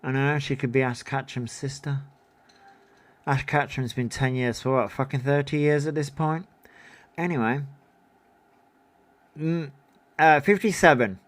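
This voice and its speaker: A man's voice: medium pitch, fairly even intonation, measured pace, pauses often. A man hosting a livestream in casual commentary, reading down a numbered list and adding offhand remarks. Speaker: livestream host.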